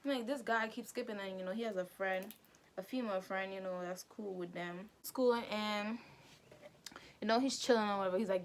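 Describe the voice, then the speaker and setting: A woman vlogger retelling a story in casual chat while doing her makeup, talking in an animated, chatty way and acting out characters' lines. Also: mid-range voice, brisk, a little hiss or hum. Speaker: vlogger recapping an anime.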